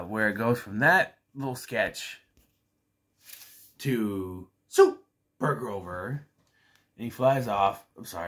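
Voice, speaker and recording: A man's voice: lowish voice, fairly bright tone. A man casually reviewing a children's movie, rambling and hesitant, with lots of fillers.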